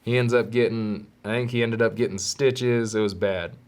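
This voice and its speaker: This podcast host has a lowish voice and a steady tone, speaking at a moderate pace. Alone on his own show, he rambles through candid, self-deprecating tales from his childhood.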